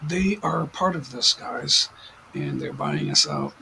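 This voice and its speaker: An American man hosting a casual livestream chat from home, rambling and halting with many fillers and restarts, sitting a little back from his desk mic. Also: medium pitch, wildly swooping pitch, gravelly, noisy background. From United States. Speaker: livestream host. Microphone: desk mic at some distance.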